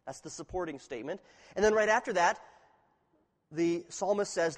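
A man's voice: high voice, moderate pace, pauses often. A man preaching an expository sermon, teaching earnestly and reading scripture aloud with emphasis. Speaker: pastor. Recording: reverberant hall.

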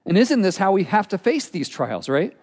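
Animated man preaching in reverberant hall. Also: high voice, moderate pace. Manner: earnest, expressive preaching with dramatic drops in volume. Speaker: pastor. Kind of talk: sermon.

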